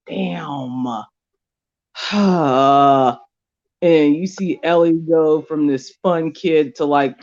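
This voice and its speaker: A podcast co-host talking through an episode in a slow, emotional, reflective way. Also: medium pitch, a little mellow. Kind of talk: casual review chat. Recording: dull lo-fi sound.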